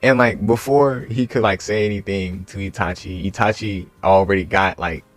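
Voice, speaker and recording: A man's voice: low-pitched, steady tone, normal speed, no room sound. A young man casually retelling an anime what-if story, rambling with lots of fillers. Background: faint music.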